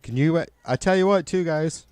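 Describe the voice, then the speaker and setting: A man's voice: on the high side, a little fast, darkish tone, clean tone, no echo. A man live-streaming casual political commentary, swearing a lot and rambling with many restarts as he answers his chat. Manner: profane, rambling with frequent restarts.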